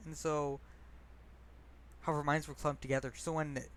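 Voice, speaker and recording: Smooth-voiced young man telling rambling stories. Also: fairly high pitch, little pitch movement, normal speed. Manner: rambling, self-deprecating, many fillers and restarts. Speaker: poet reading his own work. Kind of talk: casual storytelling and poetry reading.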